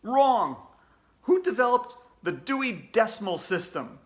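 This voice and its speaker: A man voicing a cheerful adult quiz show host in a read-aloud storybook, announcing slowly. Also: sits high, very animated, voice pushed up. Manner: slow, drawn-out quizmaster announcing.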